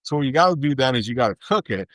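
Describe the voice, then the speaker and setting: A man's voice: mid-range voice, expressive, racing, no echo, low-quality recording. A man hosting a podcast, talking in an emphatic, worked-up rant. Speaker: podcast host. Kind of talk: casual chat.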